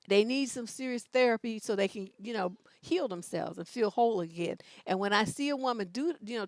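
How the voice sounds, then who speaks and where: A woman's voice: a little high, no echo, studio quality. A woman hosting a live-stream show as a relationship coach, talking bluntly with plenty of profanity and sass, stretching out words for emphasis. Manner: animated, drawn-out emphasis.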